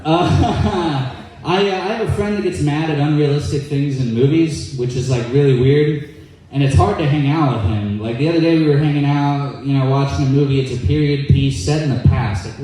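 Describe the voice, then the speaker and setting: Young male stand-up comic, dry deadpan delivery, mellow voice, echoey club sound. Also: on the high side, far from the mic. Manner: deadpan, quick asides, acts out quoted voices. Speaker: stand-up comedian. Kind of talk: stand-up comedy set. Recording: echoey room, voice off-mic.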